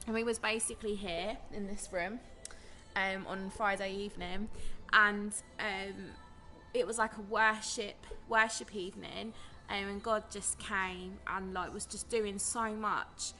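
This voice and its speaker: A woman's voice: medium pitch, steady tone, unhurried, sharp tone, faint music behind. A young British woman chatting casually to camera as a vlogger, telling stories in a rambling way. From Britain. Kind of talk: casual vlog chat.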